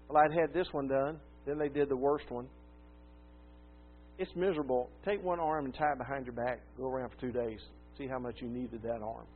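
A man preaching a sermon, telling a personal story in a folksy, self-deprecating way. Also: mid-range voice. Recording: tinny phone-like sound with faint hum.

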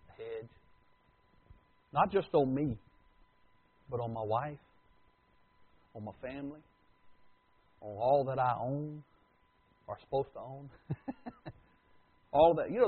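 A man preaching a sermon as pastor, swinging from loud declarations to hushed asides. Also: on the high side, husky. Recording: tinny phone-like recording.

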